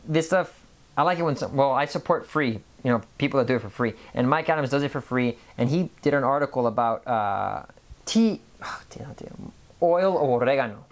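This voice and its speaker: Casual vlogger of Mexican background, rambling monologue, mid-pitched voice, lots of restarts. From Mexican family background. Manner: rambling, many restarts and repeated words. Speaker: health vlogger.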